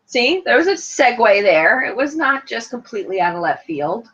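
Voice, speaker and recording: A woman in her thirties with a high, bright voice that swings all over as she bickers bluntly and playfully. The recording is dull and lo-fi. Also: big pitch swings, moderate pace. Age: 30s. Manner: teasing, blunt, swears playfully. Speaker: podcast co-host. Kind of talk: casual banter about reality TV.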